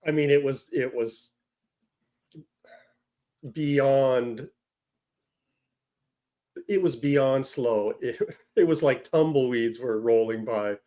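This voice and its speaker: A man's voice: medium pitch, slow pace, pauses often, warm tone. A man co-hosting a comics podcast, telling a dry, joking story in casual chat. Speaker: comic artist podcast co-host.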